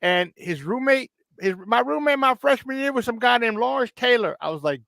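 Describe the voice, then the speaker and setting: A man co-hosting sports talk radio, telling animated stories and firing off questions. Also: extremely high pitch, vocal fry, no room sound. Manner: animated storyteller, asks rapid questions.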